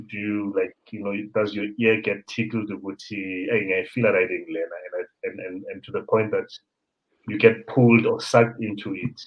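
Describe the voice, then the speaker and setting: A South African man, a host in his thirties, telling stories animatedly in casual conversation. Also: on the low side. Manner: animated storyteller, mixes in local words. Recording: muffled lo-fi sound.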